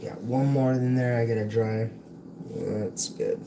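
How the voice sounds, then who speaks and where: The host of a casual home-kitchen cooking livestream, a young man, keeps up a rambling, jokey chat while he works. He talks a little slowly in a creaky, medium-pitched voice, and the livestream audio is noisy.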